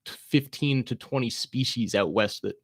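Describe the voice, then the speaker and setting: Laid-back, gravelly-voiced young man. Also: medium pitch, measured pace, no room sound, studio quality. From Massachusetts. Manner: laid-back, swears freely, enthusiastic. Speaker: guest. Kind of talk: casual chat.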